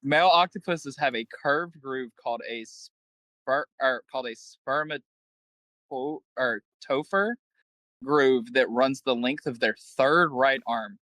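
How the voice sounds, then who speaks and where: A man's voice: mid-range voice, slow, pushed and bright, dry recording. A man co-hosting a casual podcast, teasing the others and giggling, sometimes stumbling as he reads facts aloud. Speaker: podcast co-host.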